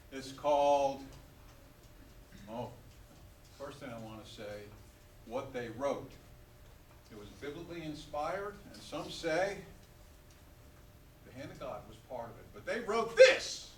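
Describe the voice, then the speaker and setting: An older man with a New York accent gives a lively motivational speech at a school graduation, joking and getting the students to call answers back. His fairly high voice swoops around a lot. He is picked up from across an echoey hall, with faint room ambience behind him. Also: recorded from a distance, a little hiss or hum. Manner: animated, joking, asks the audience to call back. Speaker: guest speaker at a school graduation.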